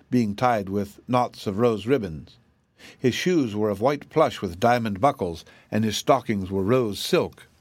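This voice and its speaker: A man narrating a children's storybook in a steady, measured reading. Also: fairly low pitch, no room sound.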